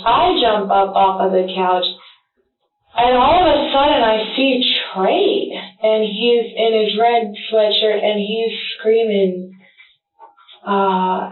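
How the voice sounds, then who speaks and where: A woman in a police interrogation, talking in a halting, rambling way full of fillers and restarts. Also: medium pitch. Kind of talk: recorded interrogation testimony. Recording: tinny, echoey interrogation room audio from a distance.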